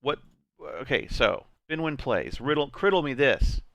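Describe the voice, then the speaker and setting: A man's voice: medium pitch, sing-song, measured pace, fairly bright tone, no room sound, studio quality. A man hosting a casual game stream, playful and rambling, laughing often between his words. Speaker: streamer host.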